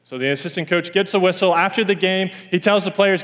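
A man's voice: high voice, brisk, a bit bright, in a large hall. A man preaching a sermon in a church, telling a story and repeating key lines for emphasis.

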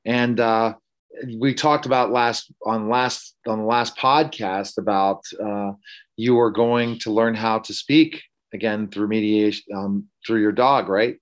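A man with a fairly low voice hosts a podcast conversation. He talks thoughtfully, pausing and hesitating as he shapes his points. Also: steady tone. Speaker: podcast host.

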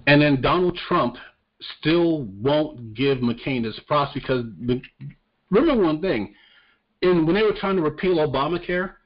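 A man's voice: fairly high pitch, expressive, measured pace. Blunt, profane man on muffled audio. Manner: blunt, profane, stammers on restarts. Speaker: podcast co-host. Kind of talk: casual political chat.

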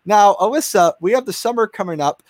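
A man's voice: high-pitched, expressive, brisk, no room sound, clean studio sound. A man hosting a casual interview, chatty, with many fillers and restarts and frequent laughter. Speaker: interview host.

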